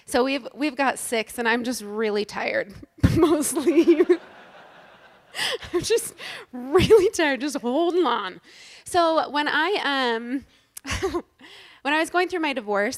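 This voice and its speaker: A woman giving a humorous, self-deprecating inspirational talk to a live audience on stage, animated and joking. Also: fairly high pitch. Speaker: inspirational speaker at a women's event.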